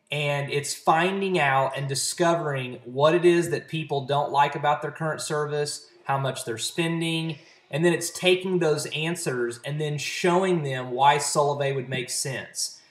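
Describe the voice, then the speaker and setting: A man's voice: fairly high pitch, fairly bright tone. A man at home giving a casual, earnest talk to camera, coaching his sales network with practical tips. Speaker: network marketing trainer. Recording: roomy echo.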